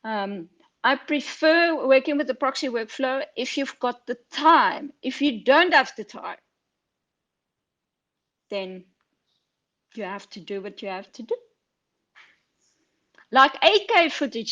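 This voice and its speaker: A woman talks slowly in a fairly high voice, with plenty of fillers and asides. She sounds candid and chatty as a film editor answering questions. Her voice comes through a video call. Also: expressive, a bit bright, muffled recording. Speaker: film editor, guest speaker. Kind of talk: online Q&A talk.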